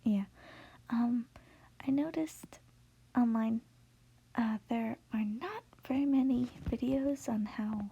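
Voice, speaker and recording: A woman giving a casual spoken voice lesson from home at night, in a hushed, half-whispered way with many fillers. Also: fairly high pitch, slow pace, gravelly, long pauses, breathy edge, muffled recording. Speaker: voice tutorial creator.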